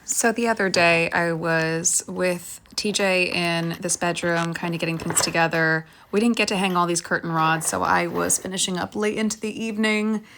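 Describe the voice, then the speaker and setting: A woman's voice: fairly low pitch, steady tone, normal speed, hardly any pauses, fairly bright tone, slight background noise. A young woman working as an interior designer, narrating a casual home renovation vlog indoors in a chatty, upbeat way full of fillers. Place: house under renovation, indoors.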